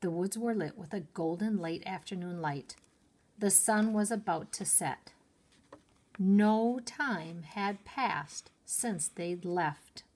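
A woman teacher reading a children's chapter book aloud in an expressive storytelling manner. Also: lowish voice, slow pace.

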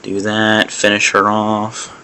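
A man's voice: fairly low pitch, completely flat delivery, slow, pushed and bright, slight background noise. A man crudely commenting to himself, with plenty of swearing, while playing a mobile game. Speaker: gamer.

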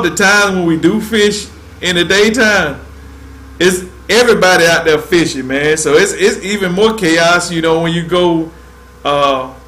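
A man from Georgia hosts a fishing livestream in laid-back casual chat, drawling and tacking "man" onto most lines. His voice is a little high, with a fairly bright tone.

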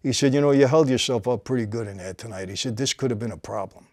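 A man, hosting and telling a personal story in casual conversation, often dropping to a low quiet voice at the tense moments. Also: quick pace, no room sound, clean studio sound.

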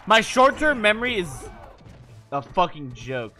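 A man chatting casually on a live stream, his fairly high voice swinging widely in pitch. His tone is bright and forceful, and he swears and teases freely. Faint music plays behind him. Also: very animated, measured pace. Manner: profane, teasing, laughs often.

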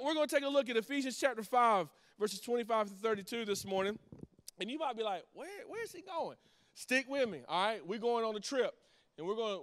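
A middle-aged pastor preaches a sermon, telling a story with lively restarts and asides to the congregation. His voice sits high, with a clean tone in a dry recording.

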